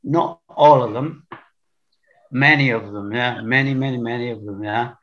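A man's voice: medium pitch, unhurried, fairly bright tone. Blunt Orkney man with a dull, lo-fi sound. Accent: Orkney Scottish. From Orkney Islands. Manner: rambling, repeats words, blunt opinions. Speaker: podcast guest. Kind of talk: casual interview chat.

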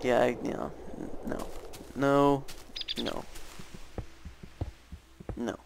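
Rambling young man with gravelly fry. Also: mid-range voice, wildly swooping pitch, very slow, a little mellow, slight background noise. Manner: rambling, hesitant, many fillers and restarts. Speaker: gaming YouTuber. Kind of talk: casual gameplay commentary.

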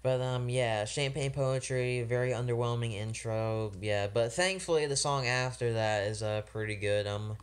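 A man's voice: mid-range voice, moderate pace, hardly any pauses, smooth. Young man ranting in a casual music review. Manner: rambling, heavy slang and swearing, frustrated. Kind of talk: casual album review vlog.

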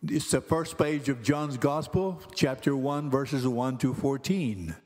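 Man, Greek language teacher, very slow scripted lesson, careful pronunciation, reverberant sound. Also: mid-range voice, darkish tone. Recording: long hall reverb with faint music.

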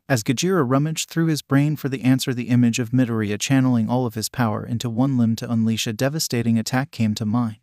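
A man reading an action fan story aloud in steady, scripted storytelling. His voice sits at a middle pitch for a man, recorded dry and close with no room sound. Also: fast, few pauses, no room sound. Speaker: narrator.

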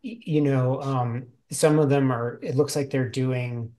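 Slow, halting game master with a mellow voice. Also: male voice, medium pitch, steady tone. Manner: halting, full of fillers and restarts. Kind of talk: narrating a tabletop game.

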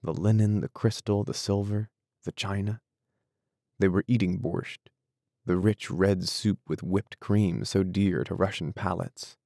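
A male audiobook narrator with a very deep, gravelly voice reads in steady, even prose. His tone is dark and mellow, recorded close and completely dry. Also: unhurried, no room sound. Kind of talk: scripted narration.

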